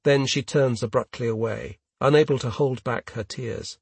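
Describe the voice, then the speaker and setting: A man reading a first-person story aloud in a measured, steady way. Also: mid-range voice, creaky, slightly rough, no room sound. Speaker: audiobook narrator. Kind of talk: scripted first-person narration.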